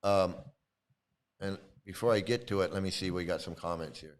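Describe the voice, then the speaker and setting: A man's voice: sits low, moderate pace. A middle-aged man hosting his own channel, ranting angrily and swearing at commenters in a confrontational, profane way. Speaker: YouTube channel host. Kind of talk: profane live-stream rant.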